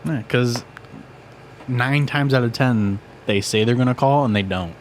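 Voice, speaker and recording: A man's voice: medium pitch, measured pace, slight background noise. A man co-hosting a casual podcast, speaking frankly and with some swearing about his job. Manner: frank, profane venting about work. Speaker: podcast co-host. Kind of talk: casual chat.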